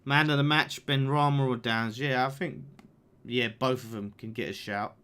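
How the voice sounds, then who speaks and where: Chatty fan watching a match. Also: male voice, mid-range voice, fairly even intonation, normal speed, smooth. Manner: chatty, swears, reacts loudly to the game and reads super chats. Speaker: fan channel watchalong host. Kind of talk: live match watchalong commentary.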